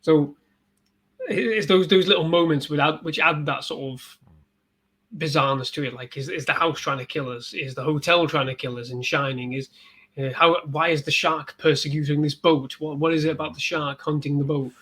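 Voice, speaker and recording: Male podcast guest, mid-high voice, animated, swears a lot in casual film talk. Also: normal speed, husky, poor audio.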